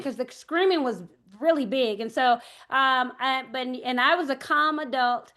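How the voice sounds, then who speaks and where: A woman's voice: high voice, a little slow, bright, forceful tone. An older woman, an early childhood educator, giving a parent workshop talk, hesitant and thinking aloud as she tells anecdotes.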